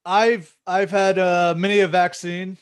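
A man's voice: high voice, level tone, unhurried, clear, resonant tone. A man co-hosting a podcast, giving short agreeable replies in casual chat. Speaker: podcast co-host.

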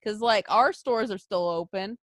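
A young woman co-hosting a podcast, venting and swearing in casual chat, lurching between mumbles and loud outbursts. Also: medium pitch, moderate pace, dry recording, studio quality. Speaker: podcast co-host.

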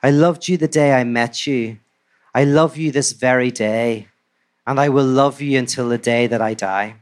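A man's voice: medium pitch, steady tone, moderate pace, lightly acted. A man voicing a devoted female squirrel in a told fairy tale, speaking tenderly and steadily.

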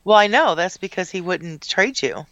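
A woman's voice: on the low side, lively intonation, moderate pace, fairly bright tone, dry recording, highs cut off. Wry female radio co-host. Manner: brief wry interjections. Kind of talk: casual on-air banter.

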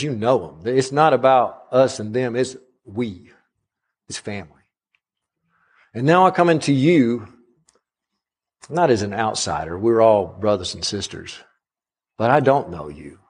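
Middle-aged male guest preacher, mid-pitched voice, swings from fervent climbs to hushed lows. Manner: rises in pitch and volume on emphatic runs, drops soft on quiet points. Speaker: guest pastor. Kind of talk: sermon.

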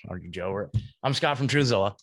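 A man's voice: lowish voice, lively intonation, fairly quick, no room sound, clean studio sound. A man hosting a casual podcast chat, laid-back and slangy, laughing easily. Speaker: podcast host.

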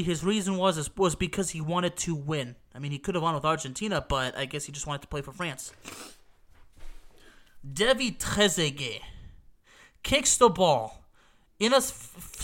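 In a high-pitched, sharp voice, a football fan tells the story of a final he watched alongside his dad. He sounds stuffy from allergies and speaks with excited, casual emphasis, repeating himself, swearing at times, and asking "okay?"

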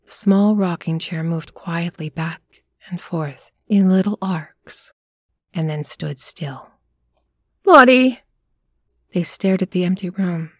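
A woman narrates a short story slowly and deliberately, her voice sitting a little low. Her delivery is measured and hushed, and the recording is close and dry with no room sound. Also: husky, no room sound. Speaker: audiobook narrator.

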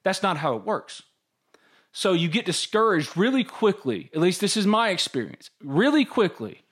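He's a co-host on a casual sports podcast, with a husky, high-pitched voice at normal speed. Candid and animated, he tells stories by performing what his inner voice was saying.

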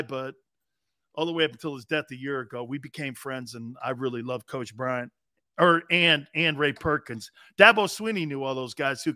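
A man's voice: fairly high pitch, sharp tone, no room sound, clean studio sound. A man in his fifties hosting a live show, telling a rambling, laugh-filled anecdote and acting out the quotes himself. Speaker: host. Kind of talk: casual storytelling on a live show.

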